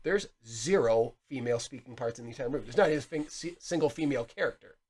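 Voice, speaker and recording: A man's voice: medium pitch, fast talker. A young man co-hosting a casual movie podcast, talking animatedly and acting out lines from films. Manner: animated, acts out quotes loudly. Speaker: podcast co-host.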